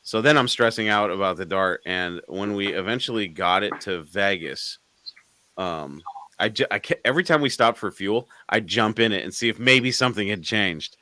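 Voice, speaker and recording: A man's voice: on the low side, moderate pace, bright, forceful tone. A man co-hosting a live car show, telling a story in casual chat, swearing freely and laughing between lines.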